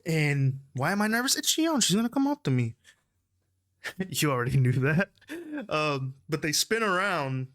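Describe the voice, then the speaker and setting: A young man tells a concert story in a casual vlog, animated and laughing, leaping into high, excited voices when he quotes people. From Houston, Texas. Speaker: concert-going fan.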